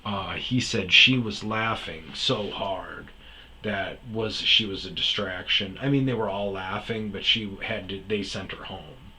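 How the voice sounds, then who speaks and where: A man's voice: fairly low pitch, measured pace, sharp tone, slight background noise, poor audio. A man casually telling his own story as host, rambling and acting out other people's lines.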